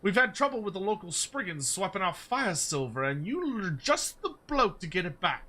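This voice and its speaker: A man's voice: high-pitched, very animated, moderate pace, bright, forceful tone, exaggerated voice. A man voicing a pushy, working-class male miner in a video game, putting on a British accent and dropping his consonants. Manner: blunt, dropped consonants, bargaining.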